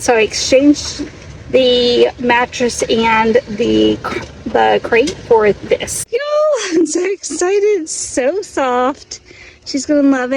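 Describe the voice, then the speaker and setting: A woman's voice: a little high, vocal fry, darkish tone, slight background noise. A young woman chatting casually in her vlog, often slipping into fond baby talk with her dog. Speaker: vlogger. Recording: roomy echo, mic at a distance.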